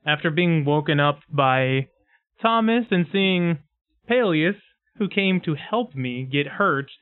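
Brief: jokey male player, raised pitch, phone-thin sound. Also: expressive, slow, clear, resonant tone. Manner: joking, laughs along. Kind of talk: casual tabletop play. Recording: tinny call audio.

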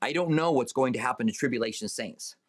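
A man teaching a Bible study and answering viewer questions, unhurried, with many fillers and restarts, and a raised, emphatic voice when reading scripture aloud. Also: medium pitch.

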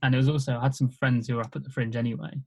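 Quick-talking husky male comedian. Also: medium pitch, steady tone. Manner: self-deprecating, modest, chuckles while telling stories. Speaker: stand-up comedian guest. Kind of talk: casual chat.

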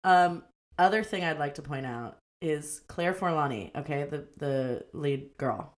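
A woman co-hosting a podcast, chatting casually about a movie, rambling and laughing as she acts out lines. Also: deep voice. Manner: chatty, rambling, quick to laugh and act out quotes. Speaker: podcast co-host. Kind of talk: casual movie review chat.

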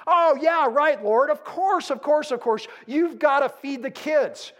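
A male preacher voicing a sassy, quick-witted woman who playfully spars back, teasing and insistent. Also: very high-pitched, lo-fi sound, pitched above the performer's own voice.

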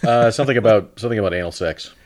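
A man's voice: lowish voice, very fast, darkish tone. A man co-hosting a podcast in casual chat, often stumbling over his words and laughing. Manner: stammering restarts, laughs often. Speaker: podcast co-host.

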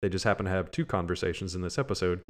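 Man, low voice, blunt casual podcast chat, crude humor. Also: steady tone, rapid-fire. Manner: blunt, crude jokes, dismissive. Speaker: podcast co-host. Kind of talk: casual chat reviewing a cartoon.

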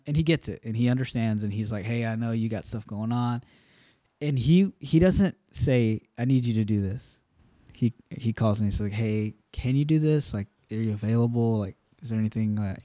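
Earnest, rambling man with a low, dark voice. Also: dry recording, studio quality. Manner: earnest, rambling with many fillers. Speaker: podcast co-host. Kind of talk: casual faith talk.

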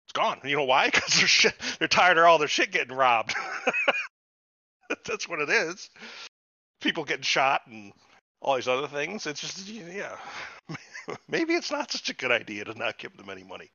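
A man's voice: on the high side, big pitch swings, normal speed, pushed and bright, no echo. A man hosting a podcast, chatting casually and ranting with lots of swearing. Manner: profane, ranting, mocks people with put-on quotes. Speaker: podcast host. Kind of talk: casual chat reviewing a TV show. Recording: dull lo-fi podcast audio.

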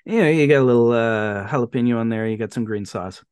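Clear and resonant, with a medium pitch and no room sound, this man co-hosts a podcast and talks films casually. He retells plots animatedly, tossing in quick silly voices for the characters.

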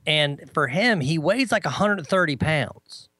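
A man chatting casually as a co-host, telling a lively story and mimicking others in a high voice. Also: unhurried, dry recording. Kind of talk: casual chat.

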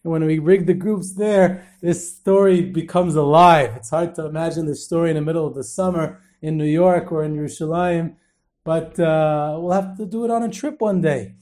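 A man hosting a history podcast, telling stories in a lively way and sprinkling in Yiddish and Hebrew terms. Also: a little high, normal speed. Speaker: podcast host and tour guide.

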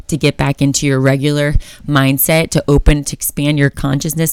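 Candid young woman podcaster, smooth voice. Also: deep voice, dry recording, studio quality. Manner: candid, swears freely, motivational. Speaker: podcast host. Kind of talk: casual solo podcast talk.

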